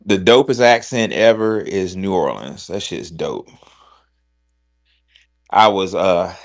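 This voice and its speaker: A man's voice: low-pitched, creaky, no room sound, studio quality. A man hosting a podcast, telling loose, profane stories in casual chat. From American South. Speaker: podcast host.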